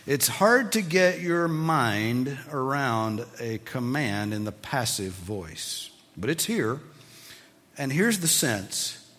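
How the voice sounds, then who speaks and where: Animated male preacher in a reverberant hall. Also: mid-range voice, slow. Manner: animated, rising to emphatic questions. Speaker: pastor. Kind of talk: sermon.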